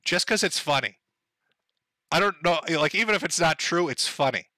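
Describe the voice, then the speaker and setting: Bright, profane, rambling man ranting. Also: on the high side, expressive, moderate pace. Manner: profane, rambling, laughs often. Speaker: livestream host. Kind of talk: rambling comedic rant to chat.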